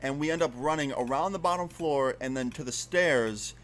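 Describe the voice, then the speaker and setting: This is a young man spinning a tense personal story in an ordinary voice of middling pitch. He talks loosely, swears freely, and packs his sentences with "like" and "um". A faint hiss sits under his voice. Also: moderate pace. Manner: swearing, filler-heavy, animated retelling. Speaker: storyteller in a played video. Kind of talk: casual spoken storytelling.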